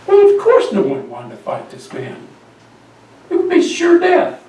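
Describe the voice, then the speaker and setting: Guy preaching, storytelling, a bit high voice, super echoey church, mic kinda far. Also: big pitch swings, measured pace, gravelly, dark tone. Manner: storytelling, asks the congregation questions. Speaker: pastor. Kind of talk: sermon. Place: church sanctuary.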